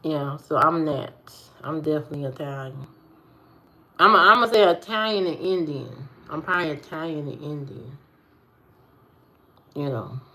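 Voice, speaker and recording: A woman's voice: sits low, animated, normal speed, long pauses, bright, forceful tone. A woman vlogger in casual chat with her viewers, teasing them and repeating phrases for emphasis.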